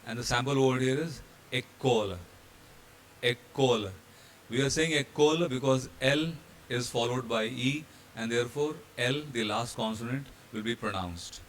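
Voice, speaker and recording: Indian male instructor, mid-pitched, patient slide-by-slide explainer, faint hiss behind. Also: normal speed, a bit bright. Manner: explanatory, with fillers and restarts, spelling out letters. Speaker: hotel training instructor. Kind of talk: slide-based pronunciation lesson.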